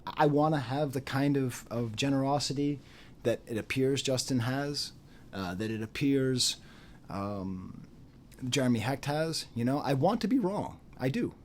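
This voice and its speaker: A man talking straight to the camera in an off-the-cuff commentary, his pitch rising and falling in a lively way. He repeats phrases for emphasis and slips into mocking voices when he quotes others. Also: unhurried, slight background noise. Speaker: YouTube commentator. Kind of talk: unscripted commentary monologue.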